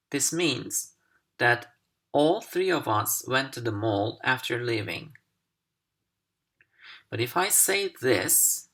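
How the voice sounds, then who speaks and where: A man teaching English over slides, speaking slowly and deliberately with careful pauses. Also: mid-range voice, lively intonation, sharp tone. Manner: slow, deliberate, carefully paced. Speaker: English language instructor. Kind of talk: slide-based recorded lesson.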